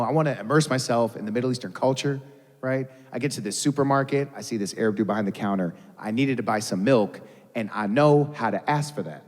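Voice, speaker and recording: A young man doing a stand-up comedy set, animated and slangy, full of asides to a live audience. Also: lowish voice, quick pace. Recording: echoey hall with crowd laughing.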